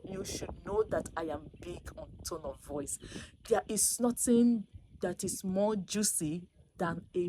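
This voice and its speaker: A woman vlogger giving casual dating advice straight to camera, emphatic and teasing, swinging between loud bursts and soft asides. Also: fairly low pitch, slight background noise.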